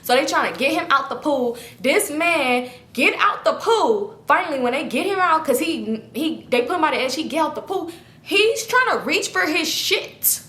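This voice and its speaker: A woman's voice: high voice, lively intonation, moderate pace, bright, forceful tone. A young woman telling a casual story to her viewers, acting out the quotes in other voices and swearing freely. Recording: echoey room.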